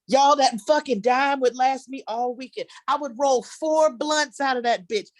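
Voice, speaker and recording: A woman's voice: sits high, moderate pace, dry recording. Brash, profane woman comedian. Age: middle-aged. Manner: brash, profane, rambling with fillers. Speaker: headlining comedian. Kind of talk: stand-up set on a video call.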